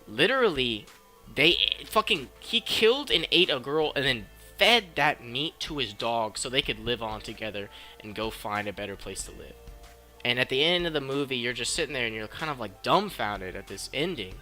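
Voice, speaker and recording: A man recapping a film casually, swearing a lot and rambling excitedly, on a cheap mic. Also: medium pitch, normal speed. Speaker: film review vlogger. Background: background noise and faint music.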